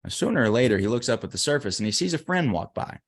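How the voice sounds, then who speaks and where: A man's voice: medium pitch, very animated, fast talker. A man as an interview guest telling a story and giving emphatic motivational advice. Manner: earnest, emphatic.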